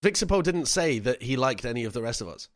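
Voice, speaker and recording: A man's voice: mid-range voice, very animated, fast, no echo, studio quality. A man co-hosting a podcast, reading a listener review in a mock-earnest way and teasing the others. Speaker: podcast co-host. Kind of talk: casual podcast chat.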